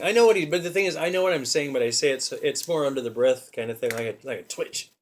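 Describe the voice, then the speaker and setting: A man's voice: medium pitch, fast talker, a little hiss or hum. A man hosting a casual comedy show, telling stories in a rambling way with restarts and frequent laughter. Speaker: comedy podcast host.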